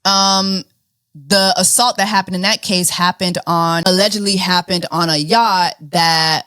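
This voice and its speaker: A woman's voice: lowish voice, measured pace, clean tone, no room sound, studio quality. Blunt, profane woman podcast host. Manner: animated, blunt, profane ranting. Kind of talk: casual celebrity news chat.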